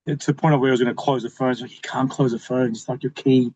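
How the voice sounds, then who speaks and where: A man hosts a casual podcast conversation, talking loosely and filling his sentences with "like". His mid-pitched voice comes through a slightly dull recording with a faint hiss. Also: steady tone, fast talker, warm tone. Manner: chatty, informal, says "like" often. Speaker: podcast host.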